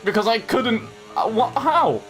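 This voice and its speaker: A man's voice: extremely high pitch, measured pace, soft background music. A young man commentating his own sim race live, chatting to opponents and viewers as he drives. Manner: animated, talks to other drivers and chat while racing. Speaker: sim racing streamer.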